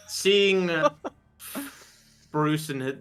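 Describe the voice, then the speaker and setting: A man playing in a tabletop game who is animated and self-mocking, laughing at his own mistakes. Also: fairly high pitch, drawn-out words. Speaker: player. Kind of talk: casual chat at a tabletop game.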